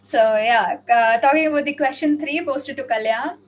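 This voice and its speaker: A woman's voice: sits high, normal speed, rough recording. A woman hosting an interview, asking questions in a chatty, rambling way. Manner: rambling, chatty follow-ups. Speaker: host. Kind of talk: casual interview chat.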